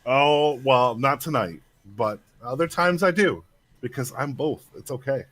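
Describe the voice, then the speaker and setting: This esports co-caster speaks at a measured pace in a medium pitch. His play-by-play commentary stays joking and relaxed, with steady noise running behind it.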